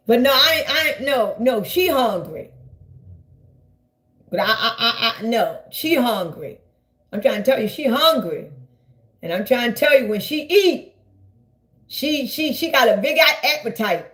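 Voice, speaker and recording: A woman, ranting loudly and profanely to her viewers on a live stream. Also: on the high side, animated, a little slow, pauses often. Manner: loud, profane, rambling, talks straight to viewers. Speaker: livestreamer. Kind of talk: casual live-stream rant.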